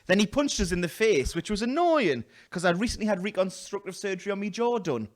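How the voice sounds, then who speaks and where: Lively stand-up comedian. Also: male voice, high voice, brisk. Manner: lively, loud storytelling with put-on voices and self-mocking asides. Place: small comedy venue with a live audience.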